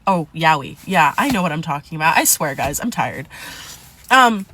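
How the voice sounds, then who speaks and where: A woman telling a personal drama story in casual chat, exasperated and animated, acting out what people said. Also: low-pitched, normal speed, slight background noise.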